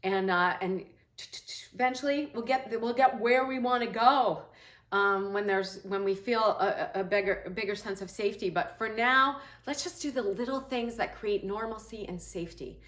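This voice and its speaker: A woman's voice: mid-range voice, normal speed, a bit bright, echoey room. A woman, a mom and health coach, talking earnestly to her viewers in a casual, rambling way, with lots of fillers and restarts. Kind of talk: casual talk to camera.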